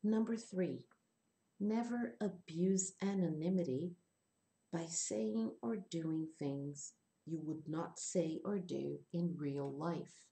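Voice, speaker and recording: Low, mellow-voiced woman teaching a class. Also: creaky. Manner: explains slowly, repeats and rephrases words. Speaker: English teacher. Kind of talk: online class lesson.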